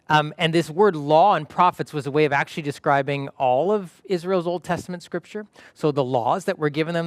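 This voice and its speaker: A man's voice: on the high side, no room sound. A man preaching a sermon as pastor, acting out the voices of the people in his story. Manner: animated, acts out quoted voices.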